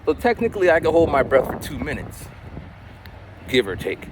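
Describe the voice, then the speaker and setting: A man walks down a city street and talks to his phone camera in a loose, storytelling way. His pitch swings up and down a lot. Clear traffic and street noise run under his voice. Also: normal speed. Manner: chatty, storytelling, animated. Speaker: vlogger. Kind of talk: casual vlog monologue.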